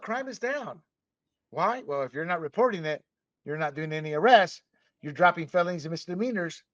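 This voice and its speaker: A man from Panama hosting a podcast, delivering an impassioned, emphatic opinion monologue that swings between loud and soft. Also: on the high side, no room sound. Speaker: podcast host. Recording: dull, slightly muffled dry recording.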